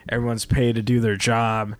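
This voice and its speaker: A podcast host with a mid-range voice and a level tone talks at a moderate pace in a dry, echo-free recording. His casual chat rambles, full of fillers and swearing.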